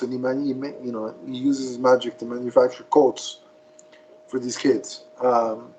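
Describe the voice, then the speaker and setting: A man co-hosting a podcast, retelling a cartoon in casual chat with a rambling, animated manner. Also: medium pitch, normal speed, slight background noise, low-quality recording. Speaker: podcast co-host.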